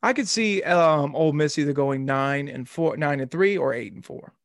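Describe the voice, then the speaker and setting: A man's voice: fairly high pitch, moderate pace. A man co-hosting a sports podcast in casual chat, joking and teasing.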